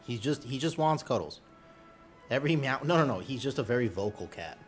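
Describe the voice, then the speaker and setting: A male streamer talks casually from his room at home. His voice sits at a middle pitch but swings widely as he reacts. He swears freely and scolds his pet in a playful, exasperated way. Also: lively intonation, brisk, soft background music. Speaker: game streamer. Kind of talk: casual live-stream chat.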